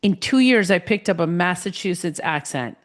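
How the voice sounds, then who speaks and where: A woman with a New Jersey accent hosting a podcast, telling stories in a chatty, animated way. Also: fairly low pitch, normal speed. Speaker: podcast host. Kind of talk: casual chat.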